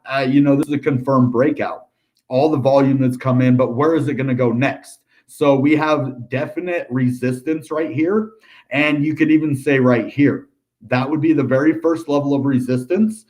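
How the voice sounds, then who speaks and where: An American man hosting a crypto channel, talking casually through price charts with lots of filler words and upbeat asides. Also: medium pitch. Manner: chatty, upbeat, lots of ums and dude. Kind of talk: casual chart analysis livestream.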